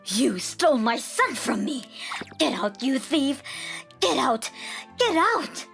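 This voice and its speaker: A woman voicing a cruel, spiteful older mother-in-law in a manga dub, shrill and scornful. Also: big pitch swings, normal speed, fairly bright tone, faint music behind. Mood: furious.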